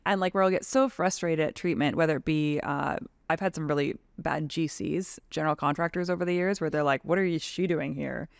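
A woman from Canada in her thirties, both tradeswoman and advocacy leader, speaks frankly and animatedly on a podcast, often saying "like." Her low, smooth voice stays steady, fairly quick with hardly any pauses, in clean studio sound without room sound.

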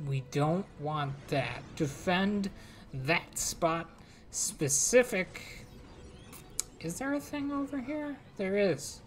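A woman's voice: sits low, slight background noise. A woman streamer giving casual, playful commentary as she plays a strategy game, talking to her units and laughing.

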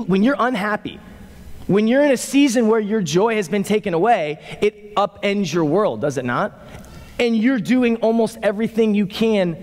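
A man preaching a sermon as pastor, animated, with loose conversational fillers, rising for emphasis and dropping low to slow down. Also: in a large hall. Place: church sanctuary.

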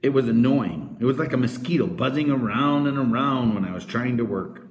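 A man playing a gruff middle-aged uncle who is dry and grumbling but kindly underneath. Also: mid-range voice, lively intonation, fairly quick, slight background noise, lightly acted. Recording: roomy echo.

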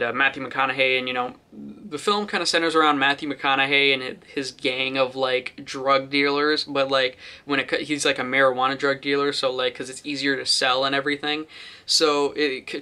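Bright-voiced man rambling through a review. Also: medium pitch. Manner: rambling, many fillers and restarts. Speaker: movie reviewer. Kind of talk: casual vlog review.

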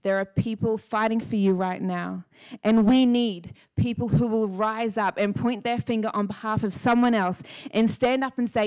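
Female preacher, young, smooth and clear voice, fervent sermon delivery. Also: a little high, fairly even intonation, moderate pace. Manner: passionate testimony, rising to shouted declarations. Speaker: pastor.

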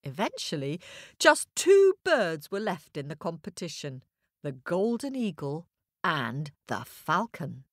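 A woman tells a children's fable in a playful, animated voice that rises and falls a lot. She speaks slowly and talks straight to the young listeners. The sound is dry and close. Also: on the low side, no echo. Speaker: storyteller. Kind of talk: children's story narration.

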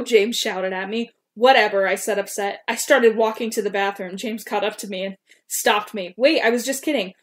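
A woman's voice: medium pitch, fairly even intonation, moderate pace. A woman co-hosting a podcast, casually reading her old fan fiction aloud and stopping to comment on her own writing. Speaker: podcast co-host.

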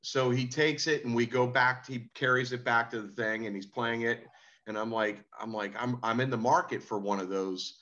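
A man's voice: mid-range voice, fairly even intonation, normal speed, pushed and bright, muffled recording. A man who is a musician, guest on a podcast, telling laid-back anecdotes and quoting what people said. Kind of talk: casual interview storytelling.

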